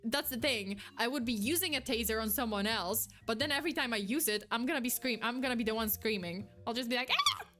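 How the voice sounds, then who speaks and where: A young woman chatting casually on a live stream, reacting to chat with quick, giggly, animated replies. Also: on the high side.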